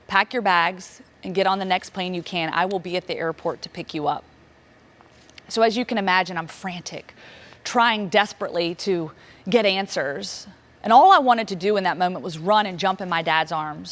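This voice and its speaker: Keynote storyteller: woman in her thirties, from Virginia, emotional delivery with dramatic pauses and voice leaping up in moments of shock. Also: a bit bright. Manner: emotional, dramatic pauses, rising pitch when reliving shock. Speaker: keynote speaker. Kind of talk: personal storytelling talk.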